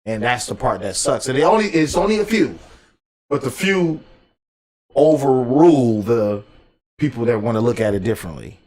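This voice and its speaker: Man, mid-pitched voice, casual podcast talk, animated, acts out back-and-forths. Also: normal speed. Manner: animated, acts out quoted texts and arguments. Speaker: podcast co-host. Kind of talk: casual chat. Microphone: desk USB microphone.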